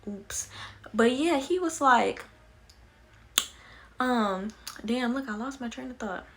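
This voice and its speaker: A young woman vlogger telling her own story candidly, animated, blunt and swearing freely. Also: on the high side, takes it slowly, a little hiss or hum. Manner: animated, blunt and profane, many fillers.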